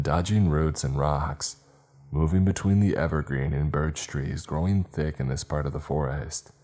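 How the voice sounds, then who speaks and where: A man narrating a first-person horror story in a steady, grave manner. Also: extremely low pitch.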